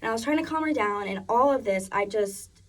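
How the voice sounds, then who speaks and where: A woman's voice: mid-range voice, lively intonation, fairly quick, recorded from a distance. A young woman giving a personal narrative speech, chatty and full of restarts. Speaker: student speaker.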